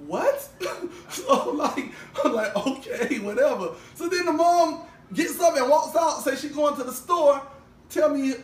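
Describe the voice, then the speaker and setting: High-voiced man telling a story, roomy sound. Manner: animated, acts out every quoted voice. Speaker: podcast co-host. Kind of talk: casual storytelling chat. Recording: roomy, distant mic with faint ambience.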